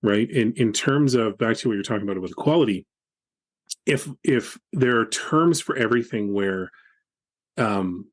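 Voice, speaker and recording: Thoughtful low-voiced man co-host. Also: lively intonation. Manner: measured, thoughtful, hesitant restarts. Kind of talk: casual conversation.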